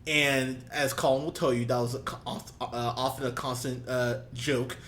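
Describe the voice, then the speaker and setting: A man co-hosting a movie review podcast in casual chat, animated, swinging between loud and soft and laughing often. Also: medium pitch, moderate pace, a little hiss or hum. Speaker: podcast co-host.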